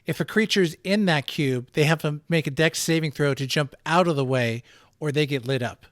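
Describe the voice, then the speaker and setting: A man's voice: fairly high pitch, normal speed, no echo, clean studio sound. A man playing in an online tabletop game, patiently explaining the rules step by step. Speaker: player. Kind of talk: casual tabletop game chat.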